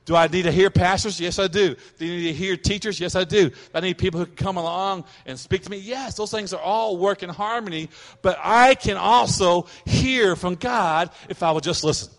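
A middle-aged man delivers a sermon from the pulpit, his voice sitting high for a man. He preaches with animation, slipping into the voices of the people he talks about. The sound rings with the long reverb of a church hall. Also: moderate pace, fairly bright tone. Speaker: pastor.

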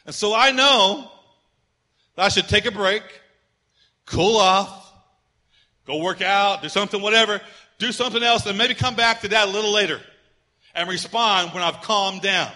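A middle-aged male pastor preaching a sermon conversationally, telling humorous personal stories and swinging between loud emphasis and quiet asides. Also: sits high, moderate pace, pauses often.

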